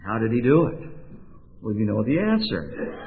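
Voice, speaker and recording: A man from Oregon preaching a sermon in slow, deliberate phrases with emphatic pauses. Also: mid-range voice, sing-song. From Oregon, USA. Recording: tinny, lo-fi sound with long hall reverb.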